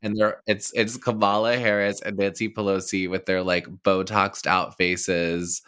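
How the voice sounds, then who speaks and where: A man's voice: low voice, flat delivery, unhurried, fairly bright tone, clean tone. A man co-hosting a podcast, sarcastic and often laughing as he reads out quotes in casual banter. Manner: sarcastic, laughs while reading quotes aloud. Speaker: podcast co-host.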